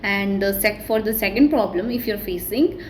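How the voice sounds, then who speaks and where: A woman, not a native English speaker, giving a casual self-recorded pronunciation tutorial and talking quickly with many restarts. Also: mid-range voice, a little hiss or hum, poor audio. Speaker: vlogger teaching English pronunciation.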